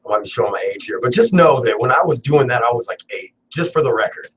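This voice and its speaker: A man's voice: mid-range voice, animated, fast talker, a bit bright, recorded from a distance, poor audio. A young man hosting a casual solo talk show, rambling and joking and swearing freely. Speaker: cannabis talk show host. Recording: faint background noise, a bit off-mic.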